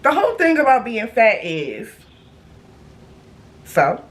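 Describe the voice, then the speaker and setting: A young woman with a high voice tells a story on her vlog. She is loud, brash and profane, and she acts out every turn of it with lots of energy. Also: very animated, normal speed. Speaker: storytime vlogger. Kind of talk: casual storytime monologue.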